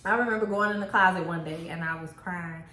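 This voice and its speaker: A woman's voice: on the low side, quick pace, bright, forceful tone, reverberant. A woman co-hosting a casual relationship talk, telling her own story in a candid, reflective way. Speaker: co-host.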